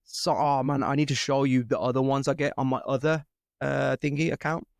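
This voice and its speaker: A young man hosting a casual podcast, talking in an animated way with lots of swearing and laughter. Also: mid-range voice, brisk, vocal fry, no room sound, clean studio sound. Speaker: podcast host.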